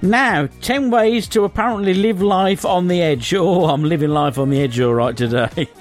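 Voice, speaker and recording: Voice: mid-range voice, normal speed, faint music behind. A radio host leading a casual chat, chatty and self-mocking, often laughing.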